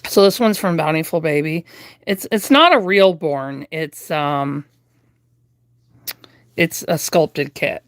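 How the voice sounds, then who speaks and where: A woman's voice: fairly low pitch, no room sound. Woman, dry close sound, chatty rambling tutorial at home, hesitant fillers. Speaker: reborn doll artist streaming live. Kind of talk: casual live painting tutorial. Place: home craft room.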